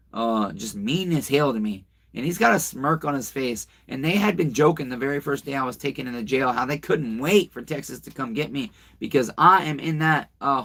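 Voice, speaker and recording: A man's voice: mid-range voice, sharp tone. A man hosting a casual livestream, rambling and swearing as he tells a story and talks to his viewers. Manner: rambling, profane, chatty, talks to viewers directly. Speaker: livestream host. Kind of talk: casual livestream chat, reading comments and telling a story.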